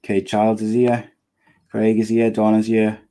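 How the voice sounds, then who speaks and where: Jokey Welsh podcast host, low voice. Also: male voice, monotone, measured pace, crowd noise. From Wales. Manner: jokey, rambling, playful. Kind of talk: casual podcast hosting.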